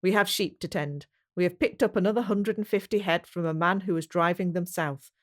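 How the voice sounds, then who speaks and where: A woman voicing a cheeky pioneer horse dealer, bargaining briskly in a storybook reading. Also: high-pitched, fairly bright tone.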